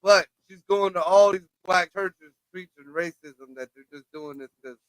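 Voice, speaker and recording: Bright, crude-talking man. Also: sits high, moderate pace, dry recording, rough recording. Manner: crude, swearing, laughs easily. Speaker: guest. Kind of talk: casual podcast chat.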